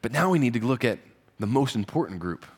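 A man preaching a conversational sermon as pastor, rising in pitch and volume for emphasis. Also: big pitch swings, fast talker, breathy edge.

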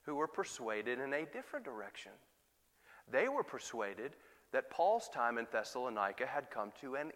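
A man preaching a sermon as pastor, swinging from quiet asides to emphatic, loud peaks. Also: fairly high pitch, long reverb tail.

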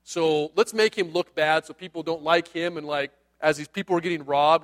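A man's voice: fairly high pitch, fairly even intonation, normal speed, hardly any pauses. A man, a pastor, giving a sermon in a conversational, jokey way with asides to the listeners.

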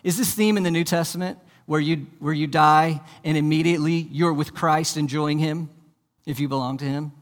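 A man's voice: steady tone, moderate pace. Man preaching a sermon in a reverberant hall. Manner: asks rhetorical questions and repeats words as he starts sentences; swings from soft and low to loud and emphatic. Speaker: pastor. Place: church.

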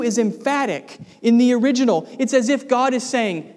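A man's voice: very high-pitched, animated, moderate pace, hardly any pauses, darkish tone. A man preaching a sermon, speaking emphatically and putting rhetorical questions to the congregation. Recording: long reverb of a large hall.

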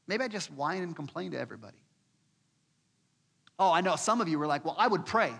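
In a large hall, a man with a fairly high, gravelly voice preaches at a fairly quick pace. The pastor recounts a scripture story, voicing the inner thoughts of its people and repeating words as his expressive sermon builds.

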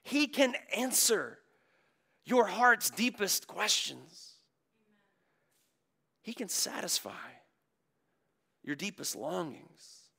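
A man preaching a sermon, moving from quiet storytelling to loud, drawn-out emphasis. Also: high-pitched, big pitch swings, vocal fry, slightly rough. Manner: swings from hushed to loud, stretching key words. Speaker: pastor.

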